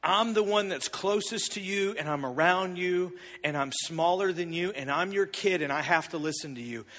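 A man in his thirties telling a personal story in a sermon, animated and confessional, with big swings in volume. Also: high voice, moderate pace, big-room sound.

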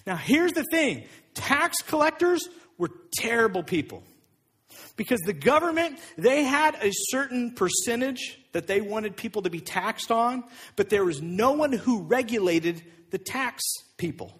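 A male pastor preaches in a high, slightly husky voice that swings widely in pitch. He is energetic and emphatic and mixes jokes into the sermon. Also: normal speed.

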